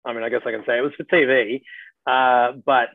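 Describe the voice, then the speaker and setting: Speaking briskly with vocal fry, this Australian man has a mid-range voice and fairly even intonation. He's an actor chatting as a guest in an informal video-call interview, meandering with fillers and restarts, and the audio is tinny, phone-like, and dry.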